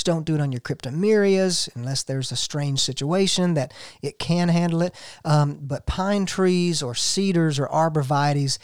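A man's voice: fairly high pitch, a little mellow, no echo, studio quality. A man hosting a gardening show, talking folksy and casual and telling a story to listeners he calls folks.

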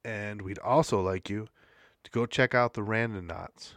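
A man co-hosting a casual podcast, rambling through statistics and a playful sponsor pitch. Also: measured pace, fairly bright tone, no echo. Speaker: podcast co-host. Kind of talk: casual chat with sponsor reads.

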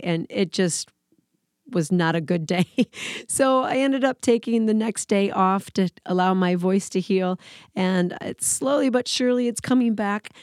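A woman teacher hosting a podcast in casual talk, hoarse and scratchy as she recovers from laryngitis, chatty and laughing between phrases. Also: on the low side, darkish tone, dry recording, studio quality.

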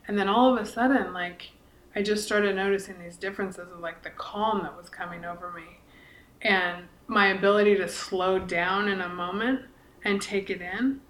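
In an echoey room, a podcast co-host and author in her forties chats earnestly and casually, peppering her speech with likes and restarts. She speaks at a normal speed, her medium-pitched voice steady and fairly bright.

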